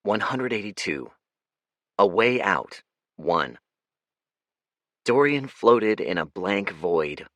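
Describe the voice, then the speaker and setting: A male audiobook narrator with a low, bright voice tells the story expressively. His pitch ranges widely and his pace is slow and deliberate, recorded dry and close. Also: big pitch swings, no room sound, highs cut off. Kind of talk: scripted narration.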